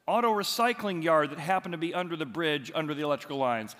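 A man preaching a sermon as the pastor, telling stories with lively, animated bursts of loud excitement. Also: fairly high pitch, a little fast, few pauses. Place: church auditorium. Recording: long reverb of a large hall.

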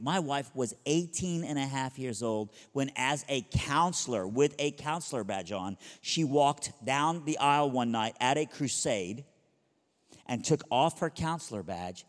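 A pastor, originally from Iran, telling his own conversion story in an earnest, conversational way, with punchy paired contrasts. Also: medium pitch. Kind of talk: personal testimony talk. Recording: long hall reverb.

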